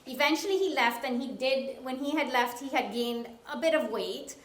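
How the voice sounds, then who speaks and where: A woman's voice: sits high, moderate pace. A woman health practitioner on a seminar panel, earnestly telling a patient story. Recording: echoey room.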